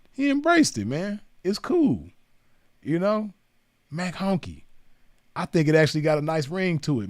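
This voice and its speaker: Casting: man, fairly high voice, unhurried and mocking, heavy street slang, close dry sound. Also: dry recording. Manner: laid-back, mocking, repeats "man" and "you know what I mean". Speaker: commentator. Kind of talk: casual mocking monologue to the camera.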